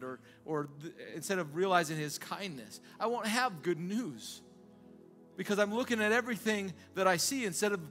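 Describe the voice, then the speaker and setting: A man's voice: high voice, pushed and bright. A male pastor preaching a sermon in a conversational way, asking the congregation rhetorical questions again and again.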